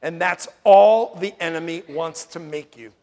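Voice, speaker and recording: A man from New York preaching a sermon as pastor, emphatic, swinging from loud declarations to hushed tones and asking the room "Amen?" often. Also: on the high side, unhurried, vocal fry.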